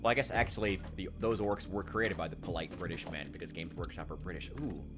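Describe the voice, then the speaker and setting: A man casually commenting while playing a game, rambling and sarcastic, now and then yelling in panic. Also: deep voice, steady tone, quick pace. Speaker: gaming channel host. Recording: game music loud behind.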